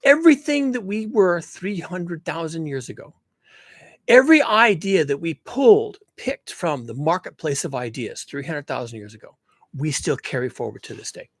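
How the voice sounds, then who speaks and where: A man's voice: a little high, expressive, moderate pace, dry recording. A man giving a casual, emphatic monologue, rambling with restarts as he builds his points. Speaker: commentator on climate and human nature.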